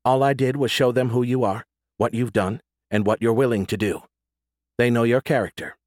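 A man voicing a calm, measured female artificial intelligence in an audiobook. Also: mid-range voice, no echo, clean studio sound, natural voice. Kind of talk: audiobook character voice.

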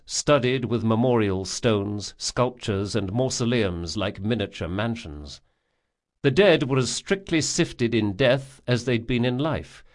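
A man narrating a fantasy audiobook in a measured, vivid storytelling manner. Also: on the low side. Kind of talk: scripted narration.

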